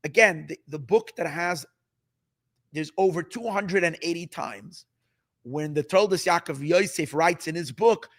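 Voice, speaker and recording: Unhurried in pace, a rabbi with a high voice narrates a dramatic tale to his listeners in sermon style. He stays animated, circling back with repetition as the scene grows, mixing in Yiddish and restarting his sentences.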